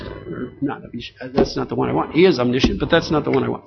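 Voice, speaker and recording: A man's voice: medium pitch, quick pace, creaky. A man preaching a sermon in an earnest, emphatic, conversational way, with many fillers. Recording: dull lo-fi sound with faint noise.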